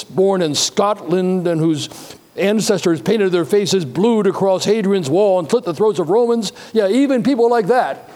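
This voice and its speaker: A man preaching a sermon, telling stories and reading a passage aloud with dramatic pauses. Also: on the high side, a little mellow. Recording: long reverb of a large hall.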